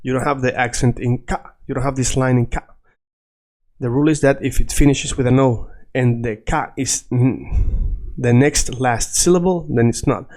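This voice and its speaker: A man's voice: mid-range voice, moderate pace, darkish tone. A man teaching a lesson in English, patiently repeating words for learners. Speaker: Spanish teacher. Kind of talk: language lesson.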